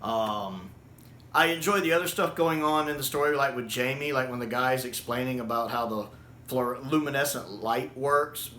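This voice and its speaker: Enthusiastic man with a bright voice. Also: mid-range voice, normal speed. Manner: enthusiastic, laughs often, acts out quotes. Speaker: show reviewer. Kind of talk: casual video review. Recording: echoey room with faint hiss.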